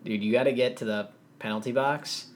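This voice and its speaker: Teasing young man, deadpan. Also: medium pitch, fairly quick. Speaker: podcast co-host. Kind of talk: casual chat.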